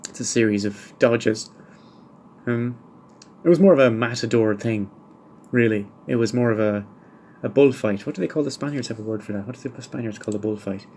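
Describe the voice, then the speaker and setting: A man's voice: mid-range voice, brisk, a little mellow, slight background noise. Dry, wry man musing aloud. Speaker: podcast host. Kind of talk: solo podcast monologue answering listener questions.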